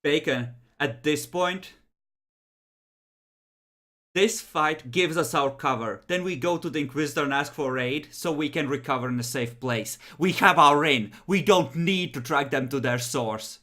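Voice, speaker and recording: A man's voice: on the high side, unhurried, sharp tone. A man playing a tabletop game, joking and arguing tactics with the group. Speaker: player.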